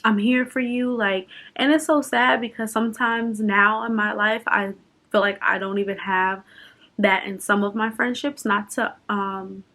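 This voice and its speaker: A woman's voice: medium pitch, fairly even intonation, unhurried, bright, forceful tone. A young woman chatting unscripted in a personal vlog, open and emotional, laughing and fighting back tears at times. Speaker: vlogger.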